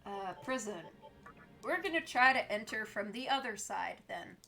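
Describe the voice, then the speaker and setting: A woman's voice: a little high, expressive, moderate pace, vocal fry, sharp tone, soft background music. A woman in her twenties streaming a game, chatting casually, laughing often and answering chat.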